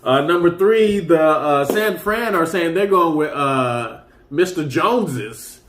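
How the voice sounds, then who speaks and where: A man's voice: fairly high pitch, expressive, takes it slowly, fairly bright tone, roomy sound, slight background noise. A man hosting a casual sports talk show, rambling loosely and getting hyped as he runs through the news. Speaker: sports commentary host.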